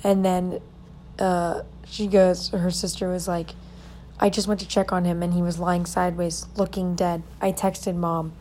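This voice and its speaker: A young woman talks casually in a chatty, dramatic storytelling way. Her voice sits a little low and sounds mellow. A faint hiss of noise runs under the recording. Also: little pitch movement, measured pace. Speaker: podcaster. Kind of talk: casual chat.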